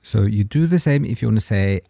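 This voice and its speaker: A man hosts a casual podcast lesson in a lively, swinging voice. He is patient and says words slowly for learners to repeat. The sound is dry and close. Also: fairly low pitch, gravelly, dry recording. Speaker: language teacher, podcast host.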